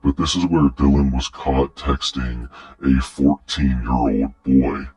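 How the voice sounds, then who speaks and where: A man's voice: a bass voice, fairly even intonation, slow, darkish tone, husky, recorded from a distance, soft background music, low-quality recording. A young man doing online commentary, sarcastic and mocking, swearing often as he reads out messages. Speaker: commentary creator.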